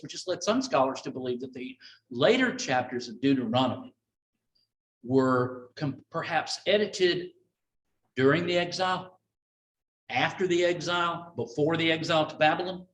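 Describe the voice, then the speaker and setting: A man leading a Bible study, folksy and conversational, acting out scripture with lively quoted voices. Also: on the high side, a little fast. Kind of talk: informal Bible study teaching. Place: church room with a group. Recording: echoey room, mic at a distance.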